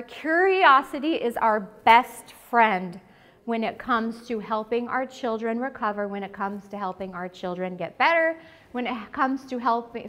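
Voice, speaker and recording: Frank, joking woman presenter, high voice. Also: fairly bright tone. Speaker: conference presenter and psychology teacher. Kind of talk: candid conference talk. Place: conference breakout room.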